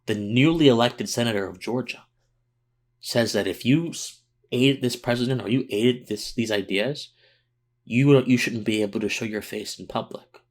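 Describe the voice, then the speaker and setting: A man hosting a political podcast, delivering an unscripted commentary monologue. He sounds mentally tired and slower than usual, yet earnest and impassioned, with frequent restarts. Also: medium pitch.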